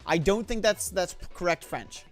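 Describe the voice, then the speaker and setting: Casting: chatty woman streamer reacting to a game, animated pitch, rapid profane asides. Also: faint music behind. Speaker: let's play streamer. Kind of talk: casual gameplay commentary.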